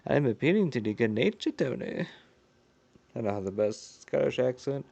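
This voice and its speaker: A man's voice: mid-range voice, animated, moderate pace, vocal fry, warm tone, lo-fi sound. A man streaming a video game live, chatting casually, reading chat aloud and often laughing.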